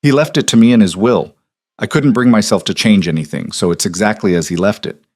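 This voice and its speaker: A man voicing a guarded, vulnerable brooding man who talks quietly with calm control. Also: on the low side, brisk, lightly acted. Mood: subdued.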